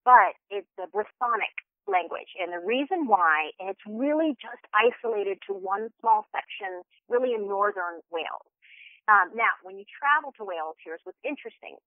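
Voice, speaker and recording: An enthusiastic woman chats eagerly over a tinny phone line, her voice dry and close. She talks at an ordinary pitch and keeps restarting her sentences as she tells her story. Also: no room sound. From United States. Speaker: travel show guest. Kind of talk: casual phone interview. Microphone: telephone.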